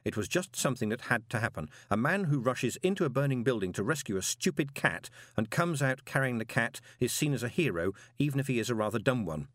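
A man reading a novel aloud as an audiobook narrator, dramatic and expressive with drawn-out pauses. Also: medium pitch, dry recording. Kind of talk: scripted narration. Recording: dry close studio recording.

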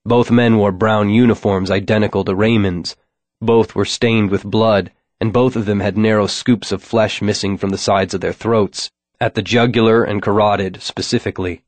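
A man reading a first-person audiobook in a measured, wry, descriptive manner. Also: lowish voice, fairly even intonation, no room sound. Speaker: audiobook narrator.

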